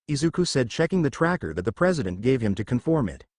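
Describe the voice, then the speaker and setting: Guy reading fanfic out loud, animated storytelling, super dry close mic. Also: medium pitch, fast talker, dry recording. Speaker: fanfic narrator. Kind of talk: reading a fan story aloud.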